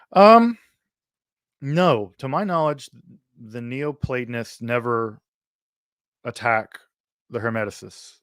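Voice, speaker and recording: A man's voice: medium pitch, slow, long pauses, fairly bright tone, clear, resonant tone, no room sound, clean studio sound. A man from Mississippi hosts a livestream Q&A, speaking thoughtfully with many fillers and restarts. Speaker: host answering viewer questions.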